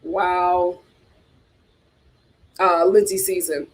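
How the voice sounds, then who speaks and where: Speaking extremely slowly in a lowish voice with little pitch movement, a woman hosts a casual commentary show. She reads articles and comments from viewers aloud and reacts with outspoken exclamations.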